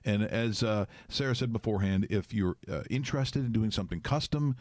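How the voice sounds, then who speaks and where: Brief: middle-aged male host, low voice, dry close mic, rambling jokey chat. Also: brisk, a little mellow, no echo. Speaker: show host. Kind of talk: casual studio chat.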